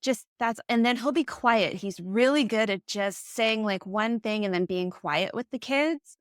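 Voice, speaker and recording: On a parenting podcast, a woman co-host chats agreeably in a slightly high, smooth voice at a measured pace, offering examples from her own family life. The sound is studio quality with no echo.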